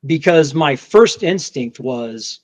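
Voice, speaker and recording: A man, a federal agent, recounting a confrontation in casual conversation, repeating words and acting out what was shouted. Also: a little high, slow pace. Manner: animated, restarts often, acts out shouted quotes. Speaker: federal agent telling a story. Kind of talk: conversational storytelling. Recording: dull lo-fi podcast audio.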